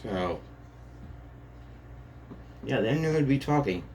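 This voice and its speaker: A man's voice: medium pitch, expressive, slow pace, a little mellow, slight background noise. A man improvising a fan story aloud, rambling and filling gaps with casual fillers. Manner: rambling, full of "and yeah, like" fillers.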